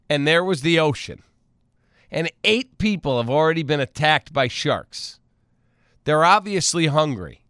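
Wisecracking radio host man, smooth voice. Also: a little high, a bit bright, dry recording, clean studio sound. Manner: wisecracking, laughs easily. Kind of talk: casual morning radio banter.

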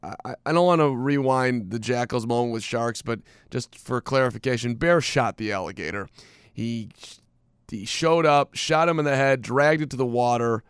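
A man co-hosting a radio show, telling a news story in a dry, deadpan way with plenty of fillers. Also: medium pitch, moderate pace, clear, resonant tone, no room sound. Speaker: radio co-host. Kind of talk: casual morning radio banter.

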